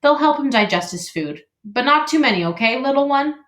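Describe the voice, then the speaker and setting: A woman's voice: high voice, expressive, brisk, fairly bright tone, echoey room, voice pushed up. A woman voicing a protective old female goose in a storybook reading. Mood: amused.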